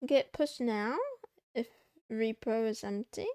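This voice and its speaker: A woman's voice: on the high side, slow, warm tone, smooth, no echo, studio quality. A young woman streamer chatting casually to her chat, playful and a bit whiny, meowing and muttering to herself. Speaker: VTuber livestreamer.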